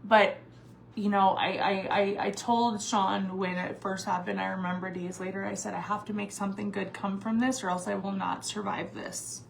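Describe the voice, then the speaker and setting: Talking at normal speed in a level, creaky, medium-pitched voice, a woman in her forties, a vlogger and mother, wanders through a casual livestream chat. She uses many fillers and restarts and gets teary at moments, with slight background noise.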